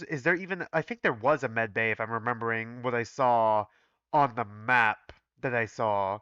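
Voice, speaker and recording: A man's voice: mid-range voice, normal speed, bright, forceful tone, clean tone, no echo, dull audio. A man reading through a fan game and commenting casually, thinking aloud with some swearing.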